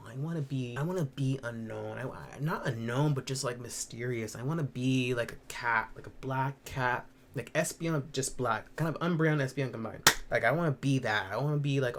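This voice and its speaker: A man's voice: mid-range voice, a little fast, slight background noise. Campy young man reacting to old clips. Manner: animated, campy, swears freely. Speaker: vlogger reacting to his old videos. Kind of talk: casual reaction chat.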